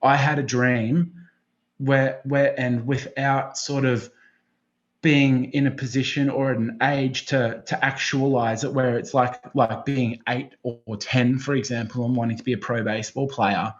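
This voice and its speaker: An excitable man chatting as a podcast guest, swearing in nearly every sentence and rambling from one idea to the next. His voice sits at an ordinary middle pitch. The recording sounds a little dull and lo-fi. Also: measured pace. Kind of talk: casual interview chat.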